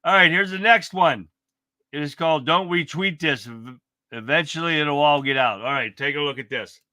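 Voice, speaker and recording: A man's voice: on the high side, moderate pace, pushed and bright, no room sound. A man hosting a casual political livestream, fired up and rambling, swearing freely as he talks. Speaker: livestream host.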